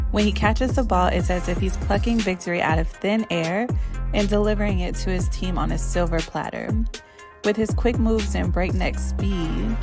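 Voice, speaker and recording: Low gravelly woman reading over a beat. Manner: smooth announcer-style "work voice". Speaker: podcast co-host reading a segment. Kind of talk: polished scripted read over a beat. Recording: music bed playing under the voice. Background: music beat.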